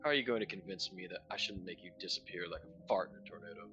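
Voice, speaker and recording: A man's voice: sits low, very fast, sharp tone, highs cut off, soft background music, voice pushed down. A man voicing a sinister, theatrical clown showman who calls himself a Duke of Hell, mocking and threatening. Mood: menacing.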